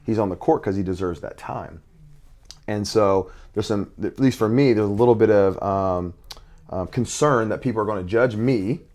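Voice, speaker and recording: A man's voice: on the low side, darkish tone. A middle-aged man, a basketball coach and father, talking intensely in casual conversation with many restarts.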